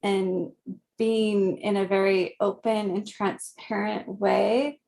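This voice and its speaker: A woman in her thirties, a guest in an interview, speaking gently and reflectively, with frequent soft laughs. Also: mid-range voice, steady tone, vocal fry. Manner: slow, gentle, reflective, laughs softly often. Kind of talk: conversational interview.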